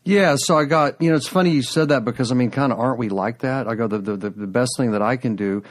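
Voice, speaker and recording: A man in his fifties, a guest musician, telling stories in a casual, rambling way with quick restarts. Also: mid-range voice. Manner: rambling, quick, self-interrupting. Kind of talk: casual storytelling.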